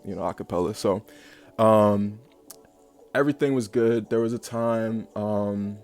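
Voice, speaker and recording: A man's voice: fairly low pitch, fairly even intonation, measured pace, a little mellow, soft background music. Rambling young man telling a story. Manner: rambling, filler-heavy, with bursts of laughter. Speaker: vlogger. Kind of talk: casual storytelling monologue.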